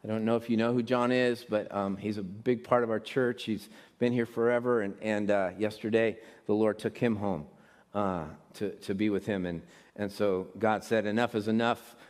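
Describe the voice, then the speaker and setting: A man's voice: on the low side, fairly even intonation, normal speed, darkish tone. A middle-aged man, a pastor, preaching a sermon in a casual, rambling way with many restarts. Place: church sanctuary. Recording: long hall reverb.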